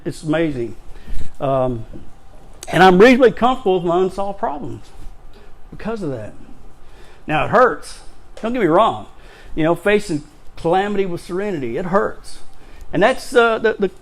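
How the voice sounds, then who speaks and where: A man giving a personal share at a recovery meeting, halting and repeating words, emotional, with self-deprecating humor. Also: high-pitched. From Louisiana, raised in Texas. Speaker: recovery speaker.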